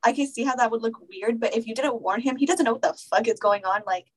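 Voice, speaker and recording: A young woman co-hosting a podcast, reading stories aloud and reacting with gasps and loud, profane commentary. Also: a little high, fast talker. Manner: animated, gasps and reacts loudly, swears casually. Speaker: podcast co-host.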